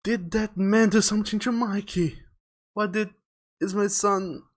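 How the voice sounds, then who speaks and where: A man putting on a frantic mother, pitched up high and shrill, lashing out in a slow, biting voice in a game's story. She speaks louder than those around her. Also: fairly even intonation. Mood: worried. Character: frantic middle-aged mother, accusing her husband.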